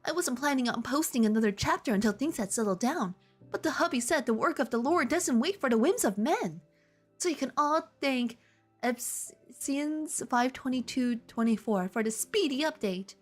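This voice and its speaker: A woman's voice: sits high, lively intonation, normal speed, faint music behind. A woman voicing a chirpy, pious mommy author reading her own note in a sugary, sing-song way. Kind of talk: reading aloud in a put-on voice.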